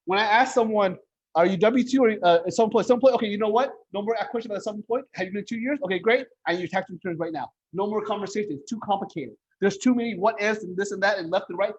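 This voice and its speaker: Blunt high-voiced man leading a workshop. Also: quick pace, breathy edge, dull audio. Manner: direct, blunt, repeats key points. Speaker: mortgage loan officer. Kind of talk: workshop presentation.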